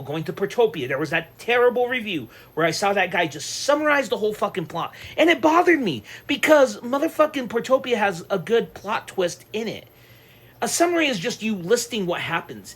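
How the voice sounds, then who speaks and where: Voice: mid-range voice, a bit bright, breathy edge. A channel host delivering a heated, profanity-laden rant, swearing constantly and hammering the same point over and over. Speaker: online reviewer and channel host. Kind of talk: profane ranting vlog monologue.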